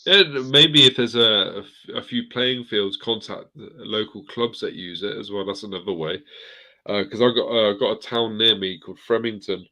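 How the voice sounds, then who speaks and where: A man's voice: lowish voice, moderate pace, sharp tone. A middle-aged man hosting a casual live chat, rambling through viewer comments and swearing now and then. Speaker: host of a live chat stream.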